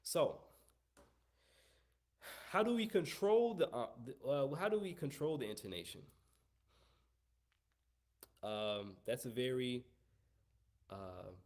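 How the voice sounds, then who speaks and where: A man teaching a live trumpet lesson, talking at length and often repeating and restarting his phrases as he coaches. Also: medium pitch. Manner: long-winded, repeats himself, coaching tone. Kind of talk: live online music lesson.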